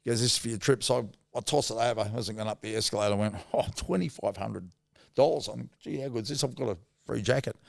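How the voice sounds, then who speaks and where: Podcast guest: middle-aged Australian man, gravelly mid-range voice, casual rambling yarns. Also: mid-range voice, fast. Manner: blokey, rambling anecdotes with mild swearing. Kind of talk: casual storytelling.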